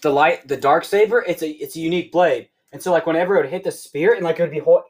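A young man hosting a podcast, rambling excitedly through a casual recap and swearing often. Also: fairly high pitch, fast talker. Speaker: podcast host.

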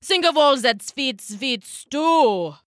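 A woman's voice: high voice, expressive, takes it slowly, no room sound, clean studio sound. A woman voicing a stubborn old grandfather in a folktale storybook, speaking emphatically. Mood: determined.

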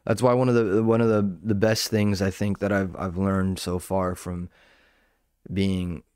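Low-voiced, cursing comedian ranting. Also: male voice, little pitch movement, measured pace, darkish tone, clean tone, dry recording, studio quality. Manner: profane, rambling, restarts often. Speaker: stand-up comedian and podcaster. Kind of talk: casual podcast rant.

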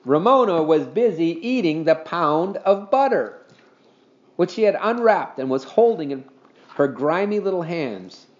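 A man narrating a children's storybook in an animated, expressive reading style. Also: on the high side, measured pace, highs cut off. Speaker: audiobook reader.

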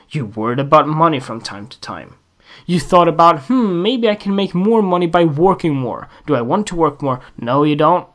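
A man's voice: on the high side, fairly bright tone. A man talks alone into a podcast mic in an unscripted monologue. He rambles and circles back on himself, drops frequent curses for emphasis, and keeps asking the listener pointed questions. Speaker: podcast host.

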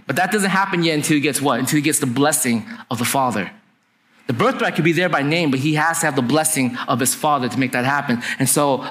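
A man's voice: a little high, a bit bright. A man preaching a sermon, retelling a story in casual slang and acting out the dialogue. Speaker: pastor.

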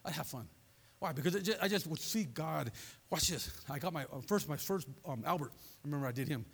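A man preaching a sermon as pastor, animated and conversational, throwing asides to his congregation. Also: on the high side, a little fast, creaky, slightly rough. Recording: long reverb of a large hall.

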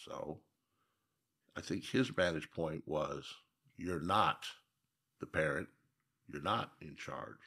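A man's voice: a bass voice, takes it slowly, creaky, pauses often, sharp tone, husky. A man from Minnesota, a guest telling stories in a casual interview, reflective and folksy with emphatic repeats.

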